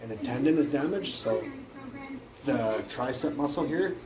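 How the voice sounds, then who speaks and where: A man's voice: medium pitch, animated, normal speed, over a noisy crowd, rough recording. A man rambling through stories on a phone livestream, swearing and jumping between topics. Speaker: livestream host. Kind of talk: rambling casual livestream chat.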